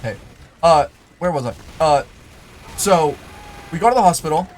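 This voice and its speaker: A man's voice: fairly high pitch, animated, normal speed, a little mellow. A young man telling a rambling personal story while playing a game, full of fillers, restarts and sudden in-game remarks. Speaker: gaming YouTuber. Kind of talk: storytelling over live gameplay.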